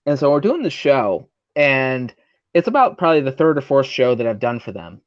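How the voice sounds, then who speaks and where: A man's voice: mid-range voice, sing-song, normal speed, lo-fi sound. Foul-mouthed man telling a road story. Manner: profane, rambling, filler-heavy, acts out quoted people. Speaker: guest, pro wrestler. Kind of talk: casual storytelling over drinks.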